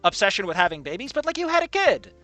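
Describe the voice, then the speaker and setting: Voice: mid-range voice, sing-song, fast, fairly bright tone, no echo, soft background music. A streamer giving sarcastic, incredulous commentary on a visual novel and swearing freely. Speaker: let's play streamer.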